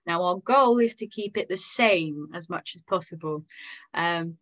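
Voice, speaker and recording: Gentle English woman teaching singing. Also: fairly low pitch, measured pace, rough recording. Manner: gentle, encouraging, demonstrates sounds aloud. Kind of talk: online vocal lesson.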